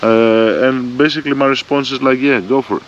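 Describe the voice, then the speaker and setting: A man's voice: mid-range voice, fairly even intonation, fairly quick. Profane, blunt man in his forties. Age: 40s. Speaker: motorbike vlogger. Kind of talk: casual ranting vlog. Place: outdoors with a motorbike. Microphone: bike-mounted front camera. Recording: dull lo-fi sound, faint vehicle noise.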